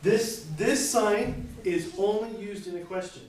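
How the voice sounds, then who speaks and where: A woman's voice: medium pitch, a little slow. A woman teaching a casual class in a playful way, laughing often and acting out her examples. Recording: echoey noisy room from far off.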